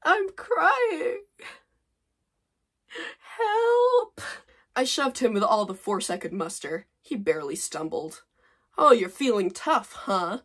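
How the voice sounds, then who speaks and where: A woman in her twenties reading her old fanfic aloud, with sarcastic, self-mocking commentary. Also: on the low side. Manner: sarcastic, exasperated, laughing at herself. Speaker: vlogger.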